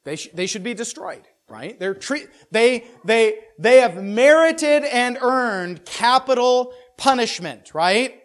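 A man's voice: very high voice, expressive, slow pace, hardly any pauses. A man giving a conversational Bible lesson who keeps asking "right?", adds joking asides and repeats words as he thinks aloud. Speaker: pastor or Bible teacher.

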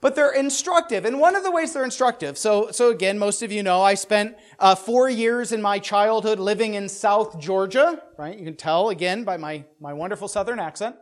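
A man's voice: sits high, normal speed, few pauses. A man giving a conversational Bible lesson who keeps asking "right?", adds joking asides and repeats words as he thinks aloud. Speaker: pastor or Bible teacher.

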